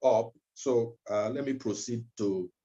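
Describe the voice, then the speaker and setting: A man delivers a training lecture at an unhurried, deliberate pace and fills his pauses with ums. His voice is dark and mellow. The recording sounds dull and lo-fi. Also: mid-range voice. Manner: measured, with frequent ums and uhs. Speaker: legal trainer.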